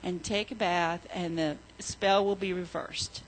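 A woman's voice: fairly low pitch, steady tone, unhurried, a little hiss or hum, pitched below the performer's own voice, natural voice, poor audio. A woman voicing a kindly old man who grants wishes in a children's story.

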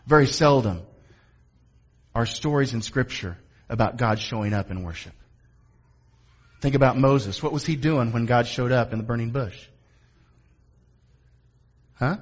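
A man preaching a sermon as pastor, animated and calling on the congregation to answer back. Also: mid-range voice, lo-fi sound. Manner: animated preaching with call-and-response asks of the congregation.

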